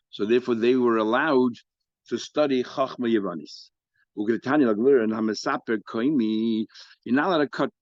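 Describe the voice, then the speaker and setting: A man teaching a daily Talmud class, explaining the text and rising in pitch and volume whenever he reads a quoted passage. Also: no echo. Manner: explanatory, rises in pitch and volume when reading quoted Aramaic. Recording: dry, slightly dull recording.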